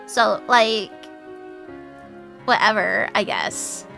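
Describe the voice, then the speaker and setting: A woman's voice: medium pitch, extremely slow, vocal fry, sharp tone, soft background music, full character voice. A woman voicing a haughty Valley-girl mage in a fantasy game, with a dismissive drawl.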